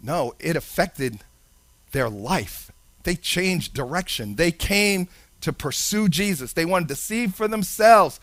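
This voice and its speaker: Guy preaching, swoops all over in pitch, dry close sound. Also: slow pace, no room sound. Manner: animated preaching, acting out Bible characters in voices. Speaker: pastor. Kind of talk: sermon.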